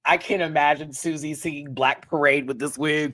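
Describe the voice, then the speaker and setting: A man hosting a live-stream review, talking to his chat with frequent laughter and quick asides. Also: a little high, no echo, studio quality. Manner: animated, laughs often, breaks into bits and quick asides. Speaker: host reviewing a reality show live.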